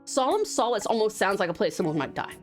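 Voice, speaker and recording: Faint music sits under this casual live-stream chat from a young Tasmanian woman whose Australian accent carries hints of American. Her mid-range voice swings widely in pitch and moves quickly. She's bubbly, greets viewers with pet names, and laughs a lot.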